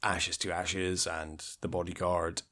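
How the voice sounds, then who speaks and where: A man's voice: low voice, flat delivery, takes it slowly, sharp tone. A man co-hosting a podcast, reviewing a film in casual, hesitant talk full of stammered restarts. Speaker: podcast co-host.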